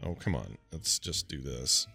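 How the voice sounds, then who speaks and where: A man's voice: extremely low pitch, lively intonation, unhurried, vocal fry, pushed and bright, faint music behind. A man hosting a podcast in casual chat, joking and bantering playfully. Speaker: podcast host.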